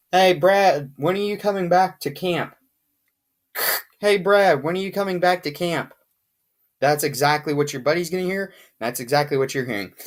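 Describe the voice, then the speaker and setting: Emphatic, lively radio explainer. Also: mid-range voice. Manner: emphatic and lively, repeats points for stress. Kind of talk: casual whiteboard explanation.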